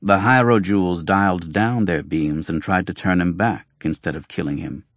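A man giving a measured, formal scripted narration of an audiobook. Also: sits low, no room sound, clean studio sound.

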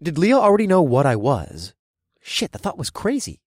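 A man narrating a first-person story with an expressive, lively read, his pitch moving a lot. The recording is dry and close, with no room echo at all. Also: moderate pace. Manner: expressive, animated reading. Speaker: audiobook narrator.

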